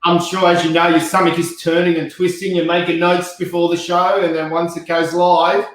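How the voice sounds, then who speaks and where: A man speaking as a guest on a casual chat show, giving relaxed, brief replies. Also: high voice, normal speed, heavy reverb, poor audio.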